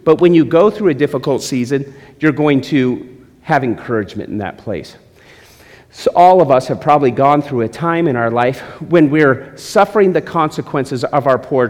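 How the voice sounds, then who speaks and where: A man's voice: fairly high pitch, a little mellow. A male pastor preaching a sermon, teasing and joking with his congregation between points. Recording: long hall reverb.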